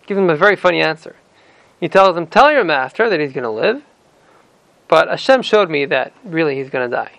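A man's voice: fairly high pitch, animated, fast, vocal fry, fairly bright tone, no echo, poor audio. A man teaching a scripture passage, reading verses in Ashkenazi-accented Hebrew and then retelling them in plain English. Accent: Ashkenazi Hebrew pronunciation. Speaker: Torah teacher. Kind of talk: explaining a scripture text to a student.

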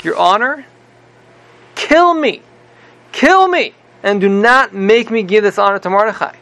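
A man's voice: sits high, fairly quick, bright, forceful tone. A man voicing a desperate royal minister who stutters and pleads. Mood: desperate pleading.

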